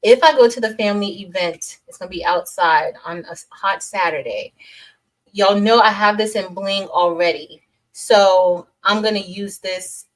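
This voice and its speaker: A young woman hosts a casual craft livestream, chatting loosely and greeting viewers by name, often trailing off and restarting her sentences. Her voice is medium in pitch and moves at a normal speed. The audio quality is poor.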